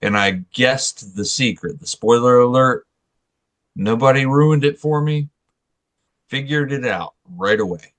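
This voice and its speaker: A man's voice: mid-range voice, a little slow, fairly bright tone. A man co-hosting a casual comics chat, giving blunt, opinionated takes. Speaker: podcast co-host.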